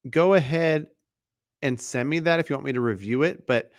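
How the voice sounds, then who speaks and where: A man's voice: a little high, normal speed, no room sound. Tired, chatty man on a dry mic. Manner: relaxed, chatty, many fillers and restarts. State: tired, yawning. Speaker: mortgage broker hosting a live Q&A. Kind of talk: casual live-stream Q&A.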